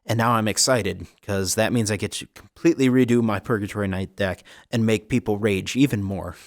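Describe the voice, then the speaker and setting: A man's voice: on the low side, fairly quick, no room sound. A man co-hosting a casual card game podcast, chatty and upbeat, laughing often and stumbling over words now and then. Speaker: co-host.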